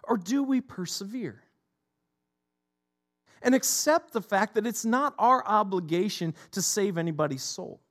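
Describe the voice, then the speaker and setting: A man's voice: high-pitched, lively intonation, a little slow, fairly bright tone. A middle-aged man preaching a sermon as a pastor, emphatic and repetitive in his delivery.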